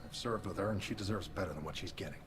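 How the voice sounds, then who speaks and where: Actor playing a gruff soldier, very deep. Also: male voice, very fast, background noise, close to an everyday voice. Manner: gruff, blunt. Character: gruff, loyal male soldier.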